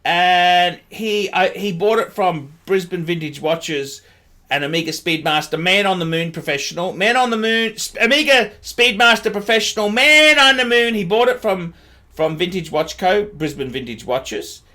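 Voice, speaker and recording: A man's voice: sits high, normal speed, bright, forceful tone. A middle-aged man with an Australian accent, ranting in a commentary vlog, sardonic and scornful, repeating his catchphrases. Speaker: watch dealer.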